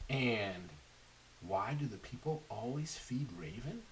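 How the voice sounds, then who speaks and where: A man's voice: mid-range voice, slow. A man reading a picture book aloud to children, stopping to ask his listeners questions. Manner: animated, asks the listeners questions. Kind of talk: read-aloud storytelling. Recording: faint hiss, a little distant from mic.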